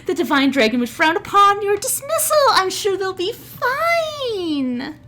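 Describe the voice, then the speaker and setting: Woman voicing a sweet orc paladin woman, high squeaky voice, gushing, polite. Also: big pitch swings, unhurried, bright, forceful tone, a little hiss or hum, full character voice.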